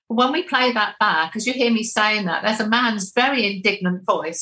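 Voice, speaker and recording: A middle-aged woman with a bright, forward voice tells one anecdote after another in an interview. She keeps a chatty, flowing manner and sounds easy and familiar as she talks. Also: medium pitch, normal speed, hardly any pauses, poor audio. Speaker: medium. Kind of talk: interview storytelling.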